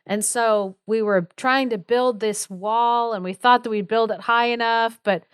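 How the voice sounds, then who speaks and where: A woman's voice: fairly high pitch, fairly even intonation, measured pace, clear, resonant tone, no room sound, natural voice. A woman on a podcast voicing a group of earnest, simple-minded village men in a folk tale, in a slightly raised, eager voice.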